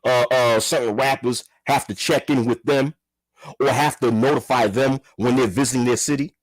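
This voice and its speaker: A commentary vlogger delivers a heated, profane rant, repeating himself and firing off rhetorical questions. His mid-range voice has fairly even intonation at normal speed, with no room sound.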